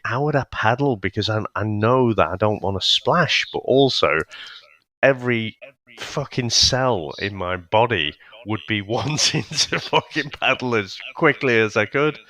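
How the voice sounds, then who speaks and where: Bright-voiced podcast co-host. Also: male voice, lowish voice, lively intonation, measured pace. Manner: chatty, laughing, sweary. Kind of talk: casual chat.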